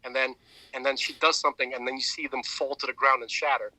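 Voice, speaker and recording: A man with a very bright, keen-edged voice talks in a casual podcast chat. He rambles in an animated way and restarts his sentences often. The sound is close and dry, with no room around it. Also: mid-range voice, quick pace, no echo, low-quality recording. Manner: rambling, animated retelling with many restarts and fillers. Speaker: podcast co-host.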